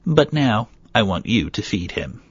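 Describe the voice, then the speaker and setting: A man's voice: lowish voice, big pitch swings, unhurried, breathy edge, no room sound, exaggerated voice. A man reading the lines of a wicked, bossy old witch in a storybook tale, barking harsh orders. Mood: scolding. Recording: dull lo-fi recording.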